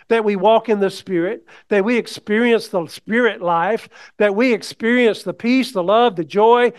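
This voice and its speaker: High-voiced man preaching a sermon. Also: clean tone. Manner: conversational, asks the congregation questions.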